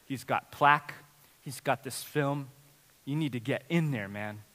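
A man voicing a stern male dentist who lectures parents in a low, flat tone, in a reverberant hall. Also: a little slow. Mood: lecturing.

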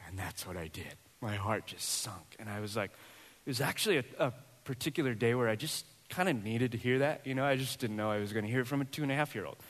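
A man in his thirties, a pastor, preaching a sermon and telling a personal story with lively, acted-out dialogue. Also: medium pitch, fast, in a large hall. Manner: animated storyteller, acts out voices in quoted dialogue.

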